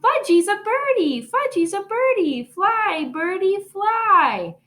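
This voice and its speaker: A babyish little boy from a children's storybook, chanting his words in a high singsong. A woman reading aloud puts him on. The voice sits well above an ordinary speaking pitch. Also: sing-song, drawn-out words, exaggerated voice. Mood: gleeful. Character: whiny little boy toddler, babyish and wild.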